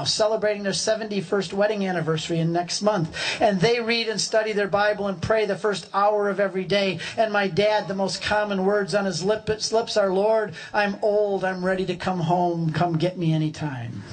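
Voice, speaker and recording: In a preacherly style, a man in his sixties spins his conversion story into a long, humorous parable. His voice is high-pitched, and he animates it by acting out characters and occasionally shouting.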